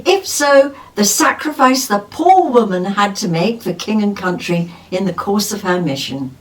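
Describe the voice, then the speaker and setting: A woman co-hosting a podcast, reading a listener's letter aloud in a lively, expressive way. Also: medium pitch, unhurried, recorded from a distance, rough recording. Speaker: podcast co-host.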